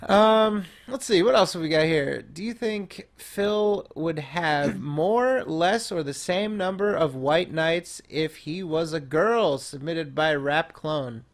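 Gravelly man hosting a casual podcast. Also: a little high, takes it slowly, few pauses. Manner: mock-announcer delivery, addressing ladies and gentlemen. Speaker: podcast host. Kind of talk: casual gaming podcast chat.

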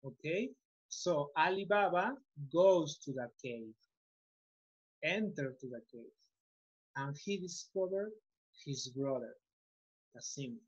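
A man's voice: a little high, lively intonation, takes it slowly, pauses often, breathy edge, highs cut off. A Spanish-speaking man teaching English online, giving patient, repetitive instructions through a computer mic on a video call.

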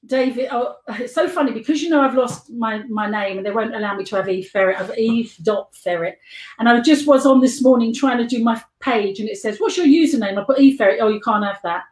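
An older London woman with a high voice chats on a video call, giggly and quick to jump from one anecdote to the next. Her voice bounces around an echoey room. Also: darkish tone. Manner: chatty, giggly storyteller who jumps between tangents. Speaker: guest and life model. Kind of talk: rambling anecdotal chat. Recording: echoey room on a live stream.

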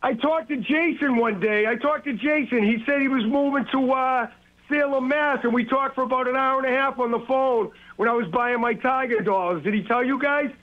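Brief: high-voiced Boston man phoning in, chummy and repetitive, tinny phone line. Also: brisk. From Boston area. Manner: chummy, repeats himself, calls the host "pal" and "buddy". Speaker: caller.

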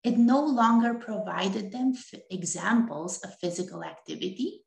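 A woman giving a recorded presentation, speaking clearly and deliberately and repeating her key points. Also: mid-range voice, expressive, roomy sound, low-quality recording.

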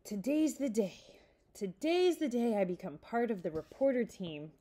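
A woman's voice: a little high, very animated, normal speed, dark tone, voice pushed up. Woman voicing a polite teen fox boy. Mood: casual. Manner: casual, apologetic.

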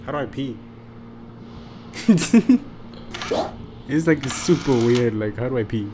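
A man's voice: medium pitch, animated, takes it slowly, background noise. A man from Africa, giving playful, jokey let's-play commentary and talking back to game characters. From South Africa. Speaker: gaming YouTuber. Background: loud game music.

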